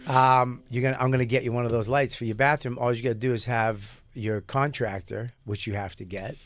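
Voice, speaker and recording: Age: adult. Sex: man. Role: podcast co-host. Style: casual comedic chat. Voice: mid-pitched. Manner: teasing and playful, repeating questions for comic effect. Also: fairly even intonation, a little fast, a bit bright, dry recording.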